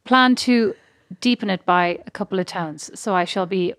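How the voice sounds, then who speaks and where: A woman's voice: medium pitch, moderate pace, no room sound, studio quality. A young woman co-hosting a podcast, bantering with sardonic, mock-pompous humour. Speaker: podcast co-host. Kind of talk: casual chat.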